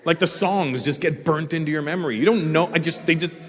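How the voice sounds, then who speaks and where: A man's voice: on the high side, brisk. A middle-aged man doing a live stand-up set, telling stories and swearing freely as he chats with the crowd. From Canada. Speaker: stand-up comedian. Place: large live venue on stage. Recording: live hall reverb with faint ambience.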